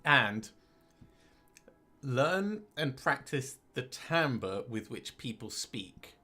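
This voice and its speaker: A man's voice: mid-range voice, very animated, very slow, bright, forceful tone. A man in casual, playful chat while playing a video game, laughing easily. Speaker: gaming host.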